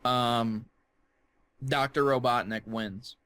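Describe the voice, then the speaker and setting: A young man co-hosting a podcast in casual chat, joking and laughing with quick bursts of excitement. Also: medium pitch, no room sound. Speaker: podcast co-host.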